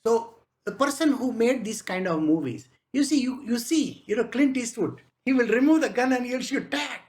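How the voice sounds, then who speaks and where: A woman's voice: fairly high pitch, animated, moderate pace, darkish tone. A woman spiritual teacher giving a conversational spiritual discourse, chatting along with frequent rhetorical questions.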